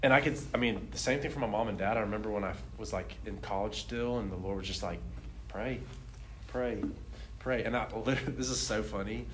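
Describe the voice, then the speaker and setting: A young man telling a personal faith testimony in a casual, animated way, laughing often and filling his talk with "like". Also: lowish voice, quick pace, few pauses, slight background noise. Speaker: speaker sharing a testimony.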